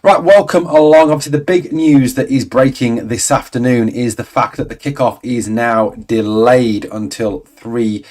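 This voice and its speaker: A man's voice: mid-range voice, a little mellow. A man in his forties hosting a fan livestream, chatting casually and rambling through viewer comments with exasperated asides. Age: 40s. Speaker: fan channel host.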